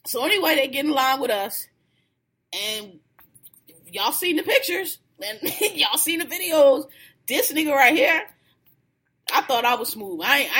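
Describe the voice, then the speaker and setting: Animated high-voiced New woman storyteller. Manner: animated, laughing, acts out quoted lines. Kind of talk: casual storytelling chat.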